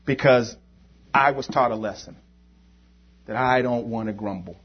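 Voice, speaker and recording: Husky-voiced man preaching emphatically. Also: medium pitch, a little slow, lo-fi sound. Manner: emphatic, repetitive, swings between loud and quiet. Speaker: lay preacher. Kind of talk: sermon.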